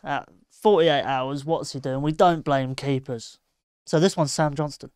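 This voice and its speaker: A man's voice: fairly high pitch, unhurried, darkish tone, clean tone, no room sound. An English man co-hosting a casual football chat, blunt and mocking in his verdicts. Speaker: football podcast co-host.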